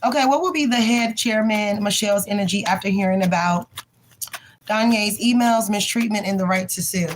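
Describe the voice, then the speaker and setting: A young woman gives a live tarot reading, calling out card names in a blunt, profane, chatty manner, laughing often and voicing the people in the cards. Her medium-pitched voice moves at normal speed over a rough recording with a little hiss or hum.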